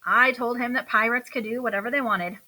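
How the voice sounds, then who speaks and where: A woman reading aloud and voicing a bold male pet who plays a pirate captain and gives loud orders. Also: on the high side, a little fast, rough recording. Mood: earnest.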